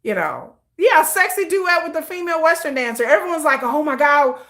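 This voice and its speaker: A woman hosting a casual livestream, animated and slangy, laughing often. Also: extremely high pitch, a little fast. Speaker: livestream host.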